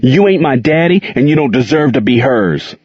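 A man's voice: medium pitch, expressive, moderate pace, a little mellow, dry recording, voice pushed up, close to an everyday voice. A man voicing an angry, protective teenage boy in a story reading. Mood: defiant. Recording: dull lo-fi dry recording.

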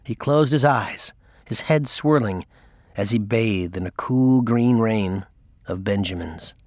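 A man reading a story aloud in steady, measured audiobook narration. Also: lowish voice, dry recording, studio quality. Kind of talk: scripted narration.

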